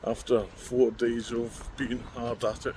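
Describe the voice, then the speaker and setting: A man's voice: mid-range voice, level tone, unhurried. A Scottish man chatting casually and swearing a bit in a road-trip vlog, a little tired, outdoors and then in a car. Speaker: vlogger. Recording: loud wind and road noise.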